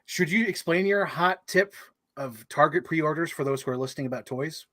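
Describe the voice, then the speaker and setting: A man's voice: on the high side, normal speed, bright, forceful tone. A man hosting a casual toy stream, laughing often, teasing his guest and swearing casually. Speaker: podcast host. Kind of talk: casual chat about toys.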